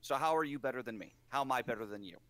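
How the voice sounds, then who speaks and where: Animated, opinionated man on a podcast. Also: medium pitch, racing, no room sound. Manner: animated, opinionated, talks in rhetorical questions. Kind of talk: casual podcast chat.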